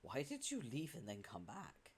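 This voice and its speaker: A man's voice: mid-range voice, wildly swooping pitch, moderate pace, slight background noise. A British man streaming, chatting casually with dry, sarcastic asides. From Britain.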